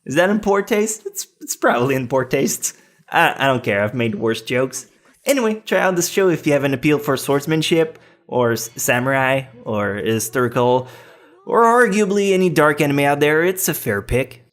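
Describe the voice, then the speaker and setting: Lively man counting down anime. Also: medium pitch, normal speed. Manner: joking asides, self-deprecating stumbles. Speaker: anime video host. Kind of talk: scripted countdown commentary.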